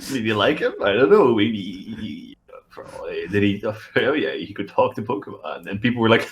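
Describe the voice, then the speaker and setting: Low-voiced joking man, swearing. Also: lively intonation, normal speed, slightly rough. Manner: jokey, swears casually, laughs often. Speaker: podcast co-host. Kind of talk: casual chat while drawing.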